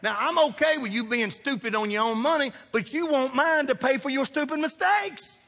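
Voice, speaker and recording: A man preaching a sermon, folksy and conversational, swinging from quiet asides to shouted points. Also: very high voice, moderate pace. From American farm country. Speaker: pastor. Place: church sanctuary. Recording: reverberant hall.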